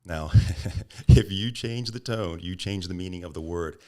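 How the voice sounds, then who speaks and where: Middle-aged man with a deep voice, guest on an interview podcast; animated anecdotes. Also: unhurried. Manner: animated anecdotes, acts out quoted voices, laughs. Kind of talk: storytelling interview answers.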